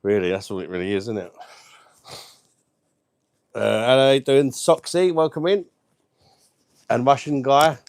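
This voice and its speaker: A man hosts a casual beer review livestream, reading viewer comments aloud and bantering cheekily while swearing freely. His mid-range voice is gravelly and a little mellow.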